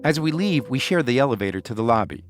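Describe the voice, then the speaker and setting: A man narrating a documentary podcast as host in a measured, scripted storytelling voice. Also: medium pitch, expressive, music in the background.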